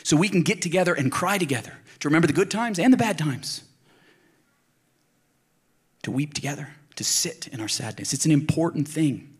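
A man's voice: fairly high pitch, lively intonation, brisk, pauses often, husky. A man from Colorado giving a casual, conversational sermon as a pastor, earnest and emphatic, speaking straight to his listeners. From Colorado, United States.

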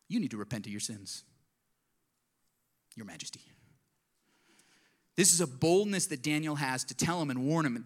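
A man's voice: a little high, fairly bright tone. A man preaching a sermon to his congregation, earnest and conversational, often asking them direct questions. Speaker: pastor.

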